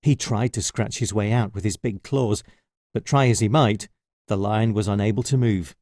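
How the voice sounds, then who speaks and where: A man reading a children's story aloud, slowly and expressively. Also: lowish voice, no room sound, clean studio sound. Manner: slow and expressive.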